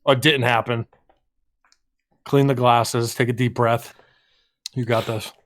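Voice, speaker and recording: A man's voice: medium pitch, little pitch movement, takes it slowly. A man co-hosting a casual gaming podcast, teasing the others and steering the talk. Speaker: podcast co-host.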